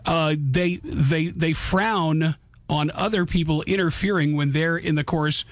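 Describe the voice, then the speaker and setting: Male talk-radio host, slightly high voice, halting delivery. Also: steady tone, dry recording. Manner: halting, stumbling restarts. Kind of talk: radio talk show chat.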